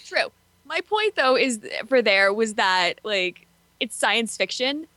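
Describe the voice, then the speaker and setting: A woman's voice: fairly high pitch, big pitch swings, takes it slowly, sharp tone, dry recording. A woman co-hosting a podcast in casual chat, combative and wry as she argues her points. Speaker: podcast co-host.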